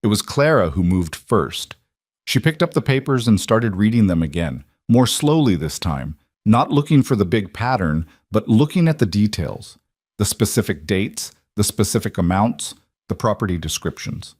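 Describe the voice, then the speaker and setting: A man narrating a western romance story in a calm, even storytelling manner. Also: fairly low pitch, normal speed, no room sound, clean studio sound. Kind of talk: scripted narration.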